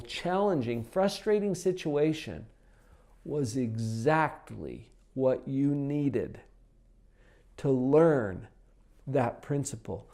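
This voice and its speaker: A man's voice: on the high side, mellow. A man giving a motivational personal development talk, emphatic and upbeat, full of rhetorical questions.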